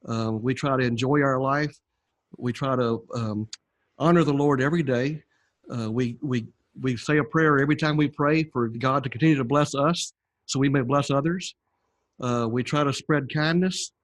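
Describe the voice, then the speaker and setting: A man's voice: medium pitch, normal speed. An older man, a podcast guest, telling his story in a rambling, conversational way with many fillers. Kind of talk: conversational testimony.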